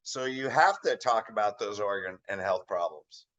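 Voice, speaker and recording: A man's voice: on the low side, expressive, normal speed, a bit bright, highs cut off. A man who practiced as a chiropractor, co-hosting a podcast and earnestly urging other chiropractors in casual chat.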